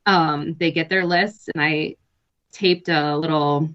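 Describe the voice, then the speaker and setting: A woman in her thirties, a nurse and health coach, chatting relaxed in an interview, laughing often and pausing to think. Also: deep voice, muffled recording. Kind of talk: casual interview chat.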